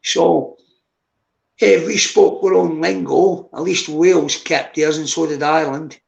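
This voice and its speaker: A man's voice: fairly high pitch, fairly even intonation, a little slow, muffled recording. A man in his fifties talking bluntly in a casual chat, swearing often and saying "mate" at every turn. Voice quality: gravelly. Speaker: guest on a live stream. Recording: echoey room.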